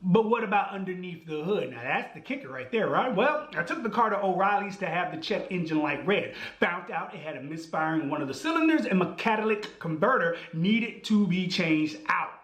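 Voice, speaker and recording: Man, high-pitched, comic storytelling, slangy, animated, echoey room. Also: fairly quick, hardly any pauses. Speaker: podcast host. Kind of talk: storytelling monologue.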